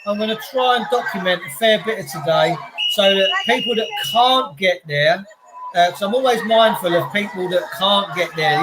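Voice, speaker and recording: A talkative man in a casual live stream, his voice sitting fairly high for a man. He chats excitedly and greets viewers one by one. Loud noise runs under everything he says.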